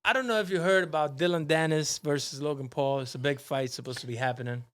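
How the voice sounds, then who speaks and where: A man co-hosting a casual comedy podcast, talking in a slightly higher voice than most men. He is playful and slangy and laughs often, and he sounds close on a desktop mic. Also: steady tone, quick pace. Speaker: podcast co-host.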